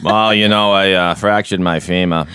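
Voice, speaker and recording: A man hosting a podcast, telling animated stories with quick impressions. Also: deep voice, smooth, dry recording, studio quality. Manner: animated storyteller, slips into impressions. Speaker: podcast host. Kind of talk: casual chat.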